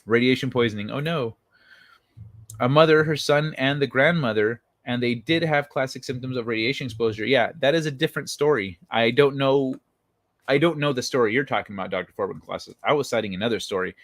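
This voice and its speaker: A man's voice: mid-range voice, a little fast. A man hosting a casual livestream, rambling and swearing as he tells stories and answers chat. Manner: rambling, profane, animated storytelling. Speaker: livestream host. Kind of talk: casual livestream chat reading viewer comments.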